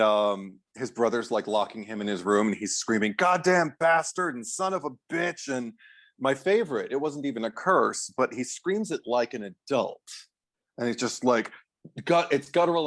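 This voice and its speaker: A man's voice: medium pitch, normal speed. A man co-hosting a film podcast in casual chat, rambling enthusiastically with many fillers. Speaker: podcast co-host.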